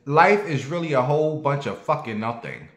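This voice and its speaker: A man's voice: mid-range voice, expressive, moderate pace, a bit bright. Blunt, profane man in an echoey room. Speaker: vlogger. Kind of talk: casual rant to viewers.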